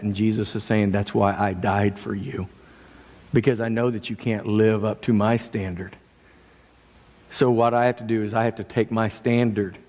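A man preaching a sermon as pastor, earnest, moving between raised and hushed delivery. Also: mid-range voice. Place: church sanctuary. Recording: long church reverb.

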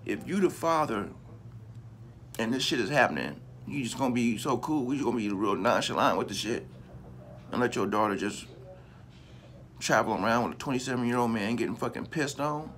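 A man's voice: medium pitch, lively intonation, fairly quick, fairly bright tone, slight background noise. A man vlogging in a casual, profane rant, repeating himself for emphasis and talking straight to his viewers. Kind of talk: casual ranting commentary to camera.

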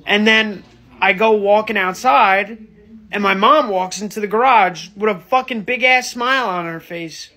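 A young man casually telling a story in an animated way, swearing a lot. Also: high-pitched, measured pace.

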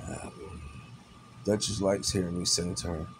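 Low-pitched with little pitch movement, this middle-aged man speaks at a measured pace in a casual personal vlog. He rambles, full of fillers and repeated words, and the room echoes with faint noise.

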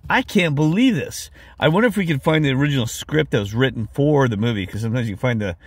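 A man hosting a video, talking excitedly and repeating himself as he comments on a clip. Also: medium pitch, quick pace, breathy edge, dry recording. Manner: excitable, repetitive, with frequent restarts. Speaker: video host. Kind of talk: casual commentary.

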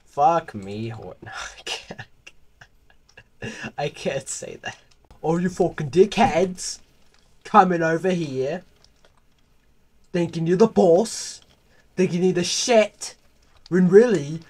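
A man voicing a brash, swearing young British man who shouts and picks fights with everyone. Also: high-pitched, voice pushed up, exaggerated voice. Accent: put-on British. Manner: shouting, crude, challenging everyone.

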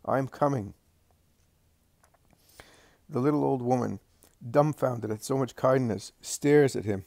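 A man narrating a devotional text in a measured, solemn audiobook reading. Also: medium pitch, creaky, darkish tone, dry recording.

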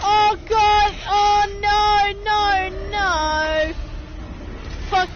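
Excitable, foul-mouthed woman gaming streamer, unhurried and high-pitched. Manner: excitable, swears often, self-mocking. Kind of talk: let's play reactions. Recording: slightly dull stream audio with game music. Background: game music.

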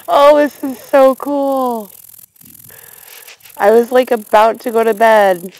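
A woman's voice: a little high, lively intonation, takes it slowly, long pauses, darkish tone, poor audio. A woman vlogging outdoors at night on her phone, gushing and giggling as she coaxes a grasshopper onto her hand. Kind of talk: excited casual vlog. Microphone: handheld phone camera.

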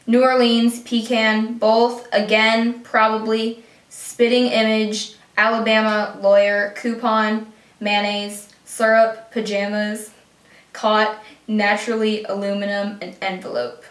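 A woman's voice: fairly high pitch, a bit bright, recorded from a distance. A young woman guest chatting casually and playfully, laughing often. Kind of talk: casual chat. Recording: echoey room.

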